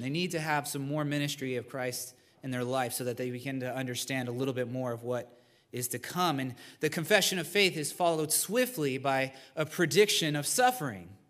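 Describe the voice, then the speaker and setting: A man's voice: on the high side, a bit bright. Conversational male pastor in reverberant church. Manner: conversational, with asides to the congregation. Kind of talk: sermon. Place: church sanctuary. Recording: long reverb of a large hall.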